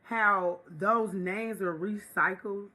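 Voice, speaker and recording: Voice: mid-range voice, fairly even intonation, takes it slowly, a crowd in the background, rough recording. A podcast co-host speaking emphatically in casual chat, cursing freely and asking questions. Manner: emphatic, profane, asks questions.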